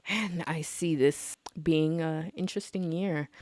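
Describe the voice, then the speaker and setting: A woman's voice: sits low, unhurried, a little mellow, no echo. A young woman vlogging in a casual, chatty way, telling dramatic stories with plenty of slang. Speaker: astrology vlogger. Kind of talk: casual chat to camera.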